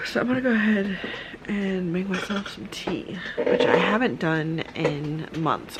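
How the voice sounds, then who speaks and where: A woman's voice: on the low side, measured pace, heavy background noise. Tired, chatty woman vlogging at home. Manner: chatty, rambling, with many fillers. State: tired, husky morning voice. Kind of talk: casual vlog chat. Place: dim home room at a desk, early morning.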